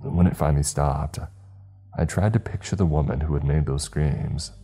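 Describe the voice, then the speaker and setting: A man narrating a horror story in an extremely deep, dark voice with a husky edge. He slows down at the tense moments, and faint music plays underneath.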